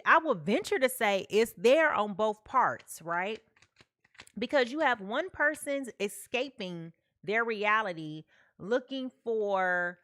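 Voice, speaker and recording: A woman's voice: medium pitch, sharp tone, dry recording, clean studio sound. A woman giving a live tarot reading, chatty, often checking in with "okay?" and talking to her viewers. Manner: chatty, repeats "okay?" often, talks to chat. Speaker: tarot reader.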